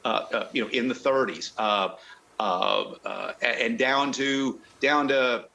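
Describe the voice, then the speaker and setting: A man's voice: medium pitch, lively intonation, vocal fry, bright, forceful tone. A middle-aged man from the southern United States, a car club member chatting casually in an interview, often stopping and restarting his sentences. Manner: halting, many restarts and fillers.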